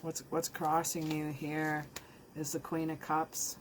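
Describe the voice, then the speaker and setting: A woman's voice: sits low, completely flat delivery, slow pace, slight background noise. A woman giving a casual, heartfelt tarot reading that speaks straight to the viewer. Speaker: tarot reader.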